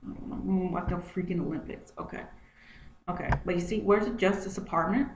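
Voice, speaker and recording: A woman's voice: fairly low pitch, fairly even intonation, normal speed. A woman vlogging from home at her computer, talking through what is on her screen in an agitated way and repeating herself often. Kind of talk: screen-share commentary. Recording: roomy echo, faint noise.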